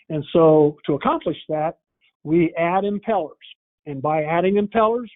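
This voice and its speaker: A man giving a folksy training talk, telling stories and acting out conversations. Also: sits high. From northern Indiana, USA. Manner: folksy storyteller, acts out dialogue. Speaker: pump company trainer. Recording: tinny phone-like audio.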